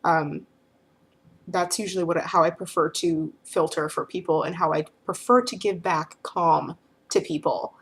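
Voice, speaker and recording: A woman's voice: on the low side, a little slow. A woman talking casually to the camera, answering questions in a frank, rambling way full of filler phrases.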